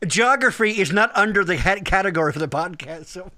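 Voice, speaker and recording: A man's voice: sits high, brisk, crowd noise. A man hosting a podcast in casual chat, joking and swearing freely. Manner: profane, joking, animated. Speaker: podcast host.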